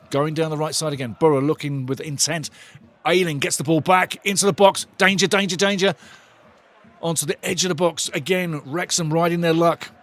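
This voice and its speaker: A man hosting a live football watch-along, shouting and swearing excitedly while calling the play and reading out chat messages. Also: a little high. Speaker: watch-along host and fan commentator. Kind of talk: live fan match commentary, reading chat.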